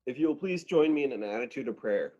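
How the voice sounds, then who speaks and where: Man, worship prayer leader; measured, reverent delivery, middle pitch, dull recording. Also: animated, dark tone. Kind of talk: opening prayer. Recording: dull lo-fi sound.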